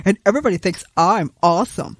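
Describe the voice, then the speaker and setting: A woman's voice: medium pitch, quick pace, dry recording, clean studio sound, voice pushed down, natural voice. A woman voicing a boastful male sea superhero who brags and taunts. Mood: bragging. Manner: bragging, taunting.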